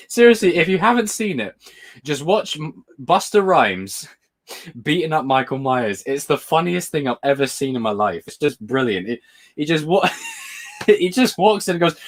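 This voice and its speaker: A man's voice: fairly high pitch, very animated, measured pace, pauses often. A man hosting a casual live stream. He reads viewer questions aloud, answers them, swears casually and laughs a lot while telling stories.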